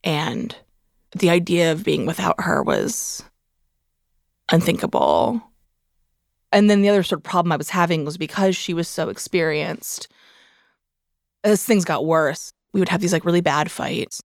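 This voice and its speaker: A woman in her thirties recounts her own story in a loose, conversational way, scattering fillers as she goes. Her voice carries a gravelly fry. The sound is dry, with no room around it. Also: lowish voice, expressive, unhurried, pauses often, no echo. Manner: casual, heavy use of "like" fillers. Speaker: memoir author guest. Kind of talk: candid personal storytelling.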